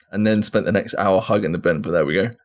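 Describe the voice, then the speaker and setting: A man co-hosting a gaming podcast, casual and teasing, laughing often. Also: lowish voice. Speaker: podcast co-host. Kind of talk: casual banter.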